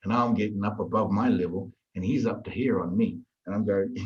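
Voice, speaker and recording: A man in casual conversation, telling a story with lively energy and frequent restarts. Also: fairly low pitch, fairly quick, hardly any pauses, highs cut off. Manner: animated, lively storyteller who repeats and restarts words. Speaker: guest in a group discussion.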